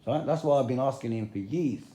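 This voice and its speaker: A man's voice: medium pitch, a little fast, warm tone, echoey room. A man talking straight to his viewers in a confrontational, repetitive rant, using plain, common speech. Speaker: video blogger. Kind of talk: direct-to-camera religious rant.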